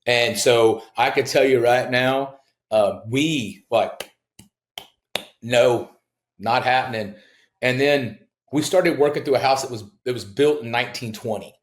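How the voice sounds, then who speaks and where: A middle-aged man, a home builder and podcast guest, telling stories in casual talk and acting out the people he quotes with big leaps in pitch. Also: a little slow, echoey room. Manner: animated storyteller who acts out quoted people with big jumps in pitch. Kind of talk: casual storytelling in a podcast interview.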